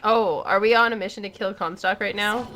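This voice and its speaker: A woman's voice: mid-range voice, fairly even intonation, fairly quick, fairly bright tone, a little hiss or hum, low-quality recording. A woman in a casual game chat, playful and joking. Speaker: podcast co-host. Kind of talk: casual chat over gameplay.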